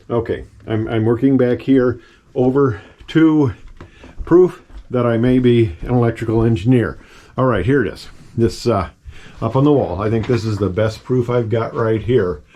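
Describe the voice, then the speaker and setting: A man's voice: mid-range voice, a little slow, dark tone. Older man, retired pilot, casual home tour, rambling, chatty, self-deprecating. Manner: rambling, self-deprecating storyteller with many fillers. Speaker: retired pilot and engineer, channel host. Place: at home, in his house and attic office.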